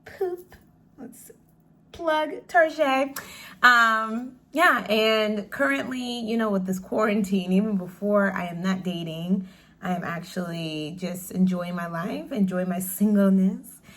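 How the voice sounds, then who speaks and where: A woman's voice: medium pitch, measured pace, fairly bright tone. A young woman chatting casually to camera in a question-and-answer vlog, bubbly and full of "like" fillers, laughing often. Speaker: vlogger.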